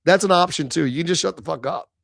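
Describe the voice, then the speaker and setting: A man's voice: on the high side, fast, vocal fry, fairly bright tone, no echo, clean studio sound. A middle-aged man hosting a livestream, venting in a heated, profane, sneering rant. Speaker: livestream host. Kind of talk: ranting livestream monologue.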